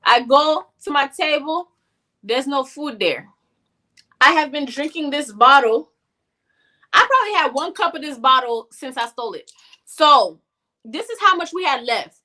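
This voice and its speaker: A woman on a podcast tells a story in a loose, profane and animated way. Her voice sits high and sounds bright. The delivery is casual, like chatting with friends. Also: unhurried, pauses often. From North Miami. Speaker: podcast co-host. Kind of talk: casual chat.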